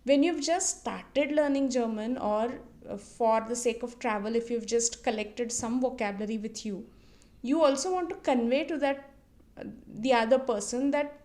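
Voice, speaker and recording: Female language teacher, unhurried, slightly high voice, patient drill-style repetition. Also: a little mellow. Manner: patient, repeats phrases slowly with lifted pitch. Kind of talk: instructional explanation with slow repetition drills.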